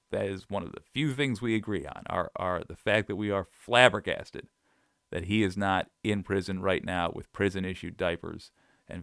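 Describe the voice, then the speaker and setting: A man hosts political commentary in a sarcastic, scoffing way, reading quotes aloud and picking them apart. His voice sits low and sounds smooth and clear. The recording is dry and close. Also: a bit bright, no echo. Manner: sarcastic, scoffing, frequent laughs.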